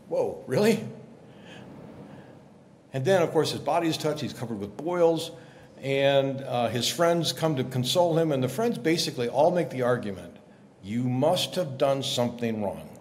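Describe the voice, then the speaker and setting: A man, a guest journalist, explaining scripture in a lively conversational way, acting out quotes as he tells the story. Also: on the high side, a little fast, a little hiss or hum. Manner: animated storyteller, acts out quotes. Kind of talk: conversational Bible teaching.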